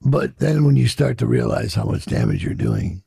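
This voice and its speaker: A man's voice: mid-range voice, wildly swooping pitch, moderate pace, dark tone, no echo, studio quality. A man in his sixties from Chicago, telling personal stories in a candid, profane, reflective way during an interview and acting out the voices of people he quotes. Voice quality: gravelly and husky.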